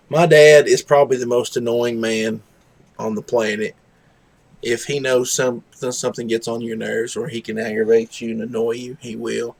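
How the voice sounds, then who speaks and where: A man hosting a live stream, chatting casually and rambling in a laid-back, self-deprecating way. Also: vocal fry. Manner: coos at his dog in high baby talk. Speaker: livestream host.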